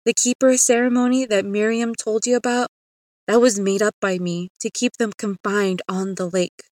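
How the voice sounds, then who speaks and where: Woman voicing a gentle ghostly grandfather. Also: medium pitch, steady tone, normal speed, dry recording, clean studio sound, lightly acted. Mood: solemn. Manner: soft, sad, reassuring. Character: gentle ghostly grandfather spirit, calm and tender.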